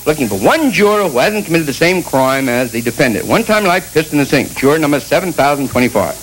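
A man's voice: a little high, expressive, fast talker, a bit bright, faint music behind, poor audio. A male stand-up comedian delivering an irreverent, rambling monologue full of restarts and asides.

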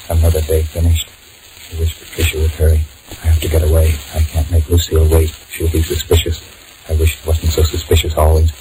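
A very deep-voiced, nervous young two-timer, played by a man in an old radio play. He mutters his worried thoughts aloud and stammers when cornered. The recording is noisy, with a steady hiss behind him. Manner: nervous inner monologue, flustered stammering. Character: anxious two-timing young man Johnny. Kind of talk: old-time radio drama acting.

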